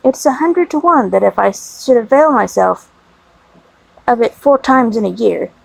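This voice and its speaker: A woman reading the part of a weary, self-loathing young gentleman, with a resigned, self-deprecating delivery. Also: a little high, expressive, normal speed, vocal fry, no room sound, heavily acted, rough recording.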